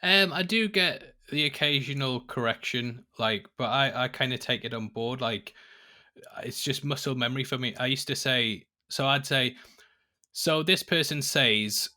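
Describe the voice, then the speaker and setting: A man being interviewed as a YouTube guest, speaking in a measured, thoughtful way with some hesitant fillers. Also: medium pitch, pushed and bright. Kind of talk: casual interview chat. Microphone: remote call audio.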